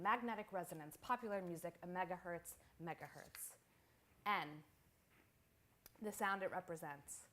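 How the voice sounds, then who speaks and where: Woman reciting poetry in measured incantation. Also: fairly low pitch, a bit bright, slight background noise. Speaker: poet. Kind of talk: poetry reading. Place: small performance venue.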